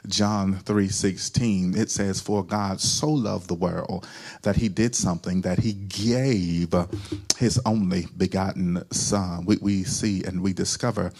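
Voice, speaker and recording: Deep-voiced preacher with a flat delivery. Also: male voice, takes it slowly, slightly rough. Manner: preacherly call-and-response, repeating key phrases. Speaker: pastor. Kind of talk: sermon.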